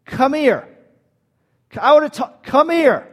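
A man voicing an ancient king who shouts commands. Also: very high voice, animated, takes it slowly, long reverb tail, pitched above the performer's own voice, heavily acted. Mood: commanding. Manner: loud, imperious commands.

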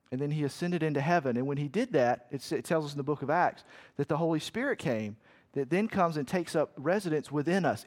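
Emphatic man preaching a sermon. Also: a little high. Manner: emphatic, builds to loud peaks, acts out shouted asides. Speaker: pastor.

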